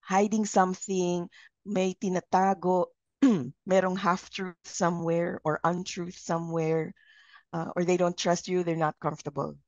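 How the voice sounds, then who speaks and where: A woman's voice: lowish voice, little pitch movement, a little slow, darkish tone, dry recording. Filipino woman facilitator, engaging trainer who quizzes her class, dry muffled recording. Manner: engaging, asks the group questions. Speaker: communication trainer. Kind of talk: live training session, Taglish. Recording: dull lo-fi sound.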